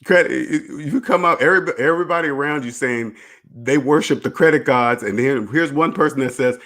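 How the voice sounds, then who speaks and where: A man's voice: mid-range voice, fairly quick, fairly bright tone. Blunt, preachy man lecturing on money. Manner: emphatic and preachy, firing rhetorical questions; blunt and profane, with brief laughs. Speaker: personal finance channel host. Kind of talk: casual direct-to-camera monologue.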